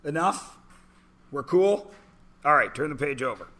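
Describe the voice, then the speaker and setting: A man's voice: fairly high pitch, animated, a little slow, sharp tone, slight background noise. A man in his forties teaching a math class, chatty and joking, asking the class questions in between. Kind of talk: classroom lecture with anecdotes.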